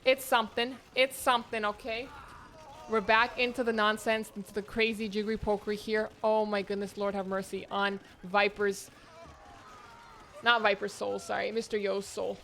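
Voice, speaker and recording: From her home, right by the internet modem, a woman hosts her own tournament and casts it live as the tournament host and caster. Her esports play-by-play is excitable and chatty, hopping from one exclamation to the next in a mid-range voice at a normal speed.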